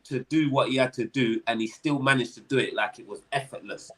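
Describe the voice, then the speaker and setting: A man's voice: medium pitch, fairly quick, fairly bright tone. A man, co-hosting a casual football fan chat, argumentative and slangy, with hesitant starts. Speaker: co-host of a football fan show.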